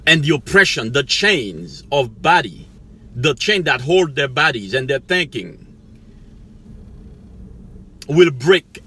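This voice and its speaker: Sharp and slightly breathy, this medium-pitched middle-aged man hosts a channel as a life coach. He rambles preachily through a motivational monologue, occasionally chuckling to himself.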